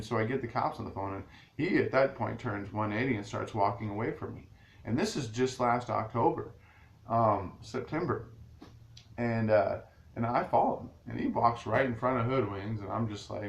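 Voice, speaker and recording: A man's voice: medium pitch, moderate pace, creaky. A man vlogging straight to his viewers in a rambling, casual way, restarting his sentences often. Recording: echoey room with faint ambient noise.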